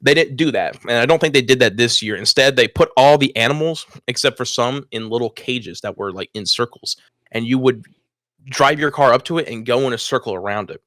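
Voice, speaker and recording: A young man spinning a rowdy story on a podcast, his voice at an ordinary middle pitch. He swears freely and breaks into laughter as he goes. The sound is dry and close, with no room around it. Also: fairly quick, dry recording. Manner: animated, swears often, laughs mid-story. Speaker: podcast co-host. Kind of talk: casual storytelling chat.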